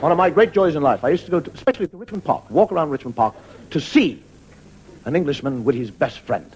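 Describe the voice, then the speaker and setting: A man's voice: a little high, animated, fast talker, background noise. Man telling wry stand-up stories. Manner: wry, conversational storytelling. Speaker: stand-up comedian. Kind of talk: stand-up monologue to a live audience. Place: stage before a live audience. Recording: loud live audience laughter.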